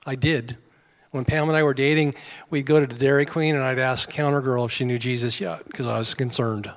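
Folksy preacher in an echoing church. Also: male voice, medium pitch, fairly even intonation, a little fast. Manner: folksy, conversational, self-deprecating humor. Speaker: pastor. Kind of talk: sermon. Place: church sanctuary. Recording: long hall reverb.

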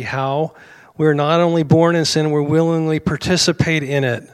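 A man's voice: a little high, steady tone, moderate pace, smooth. A middle-aged American man preaching a sermon in a conversational way, with asides to his congregation and small chuckles. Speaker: pastor.

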